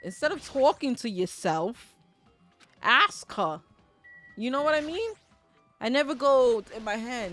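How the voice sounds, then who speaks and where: A woman's voice: a little high, lively intonation, a little slow, pauses often, a bit bright, faint music behind. A woman gamer giving casual commentary over a game, chatty and rambling, with the odd swear. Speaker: let's play gamer. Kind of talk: casual game commentary, reading dialogue aloud.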